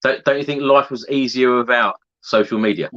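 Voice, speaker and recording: A man's voice: medium pitch, brisk, fairly bright tone, highs cut off. A man hosting a podcast, asking short interview questions and nudging his guest on. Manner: short prompts, encouraging. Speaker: podcast host.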